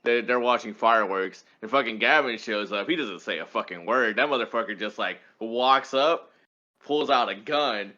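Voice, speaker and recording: A man's voice: mid-range voice, normal speed, sharp tone, highs cut off. A man co-hosting a podcast, chatting casually and swearing as he talks. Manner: laid-back, swears, laughs between points. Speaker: podcast co-host. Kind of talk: casual chat.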